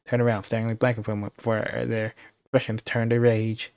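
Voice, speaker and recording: A man's voice: lowish voice, flat delivery, brisk, dry recording. Streamer, male, narrates a text game casually and trips over words now and then. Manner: reads narration with casual asides and stumbles. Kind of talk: reading a text game aloud on a live stream.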